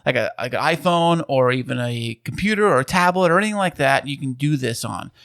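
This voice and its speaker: A man's voice: mid-range voice, expressive, fairly quick, gravelly, fairly bright tone, no echo, studio quality. A man co-hosting a podcast in casual chat, upbeat and chatty, explaining things at length. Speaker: podcast co-host.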